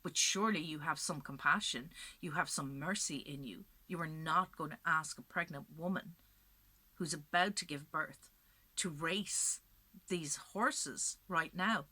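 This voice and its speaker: A woman's voice: low voice, no echo, full character voice. A woman telling Macha, pleading pregnant woman. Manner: pleading, then cursing in a slow, hushed voice. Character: heavily pregnant magical woman, proud and defiant. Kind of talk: storytelling.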